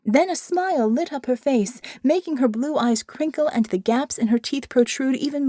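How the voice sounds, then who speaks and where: A woman's voice: high voice, normal speed, few pauses, mellow, dry recording. Woman narrating an audiobook, dry. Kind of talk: scripted narration.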